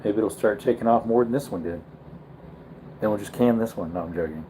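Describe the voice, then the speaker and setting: A man's voice: lowish voice, fairly quick, slight background noise. A man hosting a casual livestream, talking in a rambling way and correcting himself, tired and yawning. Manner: rambling, self-correcting, relaxed. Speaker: livestream host.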